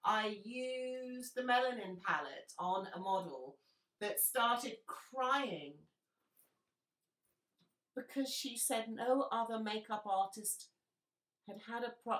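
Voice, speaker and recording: A woman who is a makeup artist and brush maker, talking frankly and passionately to her followers, blunt and quick to swear. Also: medium pitch, animated, fairly bright tone. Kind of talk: candid spoken talk to followers. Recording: roomy sound, distant mic.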